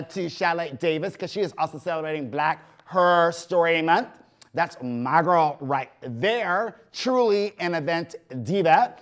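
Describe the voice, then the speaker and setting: A man hosting a community TV variety show from a studio, talking in a gossipy, animated, casual monologue full of "like" and "you know". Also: sits high, clear, resonant tone.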